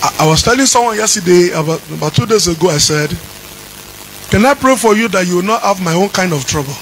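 A man preaching a sermon as pastor, chanting his lines and rising into shouts. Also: sits high, slight background noise, rough recording.

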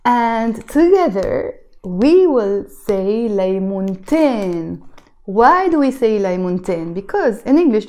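A young woman with a Lebanese accent gives a patient language lesson, repeating words slowly and then at normal speed. Her voice is mellow and soft-edged, and her pitch sits in a middle range. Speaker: Arabic teacher. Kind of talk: explaining Lebanese Arabic words from a shopping bag.

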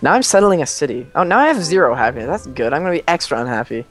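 A man's voice: fairly high pitch, sing-song, racing. Rambling young man joking over a game. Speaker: let's play host. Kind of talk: casual gaming banter.

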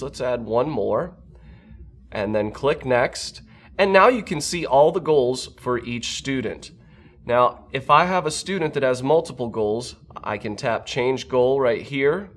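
A man who is a speech-language pathologist, walking through an app demo step by step in a steady instructional manner. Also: medium pitch. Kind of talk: scripted product demo walkthrough.

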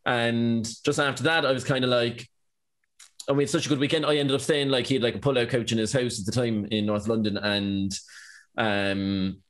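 This is a young Irish man chatting as a podcast guest. He talks at an ordinary middle pitch and spins a meandering story, padding it with fillers as he goes. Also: fairly even intonation, normal speed. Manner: rambling, filler-heavy anecdotes with lots of "like". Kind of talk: casual storytelling chat.

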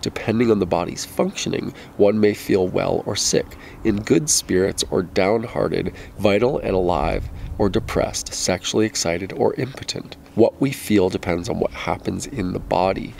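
A man reading a nonfiction book aloud in a measured, deliberate way, stopping now and then to correct himself. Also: low voice, creaky, a little mellow, slight background noise. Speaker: audiobook reader.

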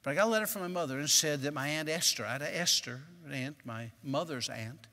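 A man preaching a sermon as a personal story, moving between quiet recollection and loud, emphatic bursts. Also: on the high side, quick pace, big-room sound. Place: church sanctuary.

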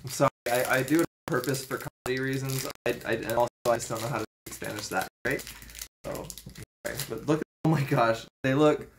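A woman with a strikingly deep voice hosts a casual taste-test vlog. She rambles in a jokey, chatty way, often restarting her sentences. A faint hiss sits under the recording. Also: quick pace. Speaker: vlogger.

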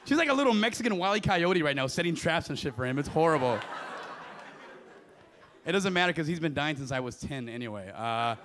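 A man's voice: fairly high pitch, big pitch swings, brisk, a bit bright. A man doing a loose, profane stand-up set on a club stage, often laughing at his own jokes. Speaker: stand-up comedian. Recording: live club with audience.

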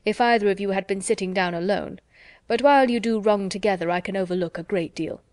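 A woman voicing a courteous, mild young gentleman who speaks in a gently indulgent way. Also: medium pitch, fast, no room sound, natural voice.

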